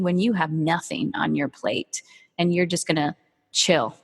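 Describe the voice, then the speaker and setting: A woman's voice: on the low side, moderate pace, slightly rough. Emphatic woman speaker in a reverberant hall. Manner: energetic, emphatic, candid with casual swearing. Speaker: motivational speaker. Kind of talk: motivational talk.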